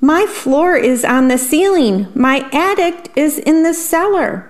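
A woman voicing a fussy little worm who lives in an apple, with high fretful cries. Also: lively intonation, measured pace, darkish tone. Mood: panicked.

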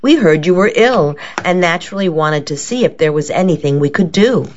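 A nervous middle-aged man hurries to smooth things over, as a woman reader voices him. His lines rise a little above her low reading voice. The sound is muffled and lo-fi. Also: expressive, fairly quick, a little mellow, close to an everyday voice. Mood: placating. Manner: hasty, placating. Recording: dull lo-fi recording.

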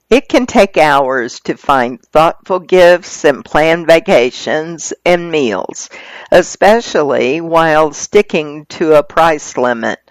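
A reader reading magazine articles aloud in a steady, measured way. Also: mid-range voice, no room sound.

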